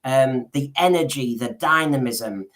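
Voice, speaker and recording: A man talking casually on a fan podcast at an ordinary, middling pitch. He rambles, trips over his words and restarts his sentences, and he keeps circling back to his point. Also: a little slow, fairly bright tone. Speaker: podcast co-host. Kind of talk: casual chat.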